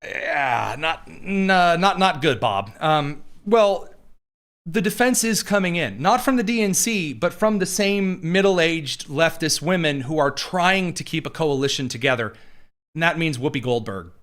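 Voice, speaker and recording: A man's voice: fairly high pitch, expressive, a little slow, a bit bright. Sarcastic man hosting political commentary. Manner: sarcastic, jokey asides, frequent fillers.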